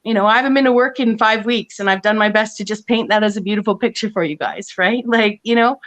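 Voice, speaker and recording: A woman's voice: mid-range voice, fast talker. A woman talking casually on an online panel, rambling with many restarts and frequent laughs. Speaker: panel guest.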